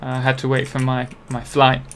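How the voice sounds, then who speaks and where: A man's voice: medium pitch, monotone, normal speed, a bit bright, slight background noise. A young man from Britain chatting casually on a live game stream, rambling and self-deprecating, with many ums and restarts. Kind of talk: casual live-stream chat while playing.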